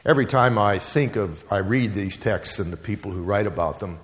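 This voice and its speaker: A man's voice: fairly low pitch, brisk, a bit bright, in a large hall. A man preaching a sermon, telling stories and hammering home repeated phrases. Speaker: pastor.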